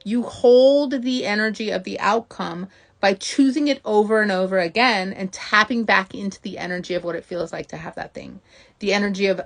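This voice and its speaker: A woman giving a casual motivational talk as a mindset coach, chatty and animated, often asking "right?" and acting out inner thoughts. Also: mid-range voice, moderate pace, vocal fry.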